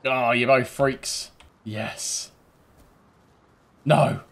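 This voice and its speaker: A young British man giving cheeky gameplay commentary, laughing often and breaking into loud taunting yells. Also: mid-range voice, fairly even intonation, extremely slow, vocal fry, slight background noise. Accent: British English. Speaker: gaming YouTuber.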